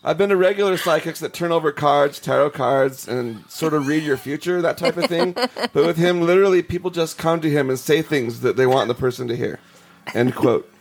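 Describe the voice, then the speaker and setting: A man's voice: fairly high pitch, a little fast, creaky, few pauses. A man hosting a casual podcast, reading ghost stories aloud with chuckles and asides. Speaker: podcast host.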